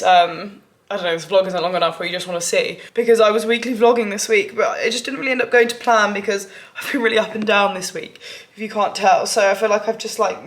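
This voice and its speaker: A woman's voice: mid-range voice, fairly bright tone. A young woman vlogging casually, chatty and gushing, with lots of "like". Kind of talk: casual vlog chat.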